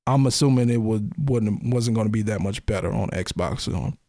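A man co-hosting a casual podcast, blunt and argumentative as he presses his point again and again. His voice sits at a middling pitch and sounds dry and close, with no room around it. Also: moderate pace, warm tone, no echo. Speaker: podcast co-host. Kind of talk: casual podcast chat reviewing a game.

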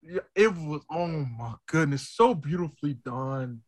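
A man co-hosting a casual podcast, retelling film scenes in an animated, excitable way. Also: fairly high pitch, a little slow. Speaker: podcast co-host.

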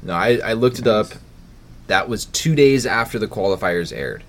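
Low-voiced chatty podcast co-host. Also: male voice, lively intonation, normal speed. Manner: chatty, repeats words as he talks. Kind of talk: casual podcast chat.

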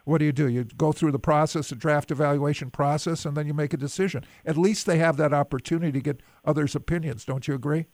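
A man hosting a morning sports talk show on the radio, chatty and quick with sports quips. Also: fairly high pitch, fairly even intonation, a little mellow, no room sound. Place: radio studio.

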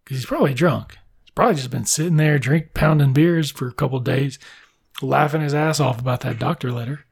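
A young man with a rough, gravelly edge to his voice and a husky grain underneath. He recaps a story with crude, sarcastic humor, swearing freely and popping into quick character voices. The delivery is comedic and loose. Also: medium pitch. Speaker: comedic book reviewer. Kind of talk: profane comedic story retelling.

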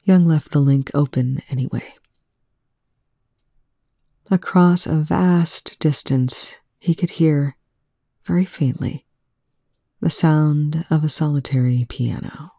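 A woman reading a story aloud in a soft, hushed manner, with quiet dialogue. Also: low voice, creaky, no echo, clean studio sound. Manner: soft-spoken, slow and hushed. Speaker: fan fiction reader. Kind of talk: reading fiction aloud, then casual commentary.

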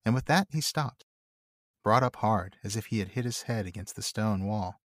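A man with a fairly low voice co-hosts a book podcast, moving between casual chat and steady, measured reading. The recording is dry and close, with no room sound around him. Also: no room sound. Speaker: podcast co-host and reader.

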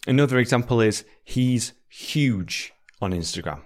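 A British man, an English teacher, explaining words and repeating example sentences slowly and clearly for learners. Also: mid-range voice, expressive.

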